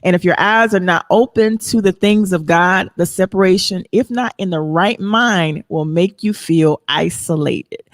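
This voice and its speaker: A woman hosting a faith podcast, talking in a lively, preacherly way. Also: on the low side, measured pace, few pauses, dry recording, clean studio sound. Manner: animated, preacherly, reads listener comments aloud. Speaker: podcast host.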